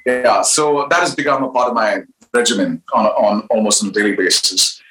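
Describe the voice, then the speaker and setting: A man speaking as a podcast guest, in thoughtful, halting casual chat with many restarts. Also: fairly low pitch, pushed and bright, echoey room, rough recording. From India.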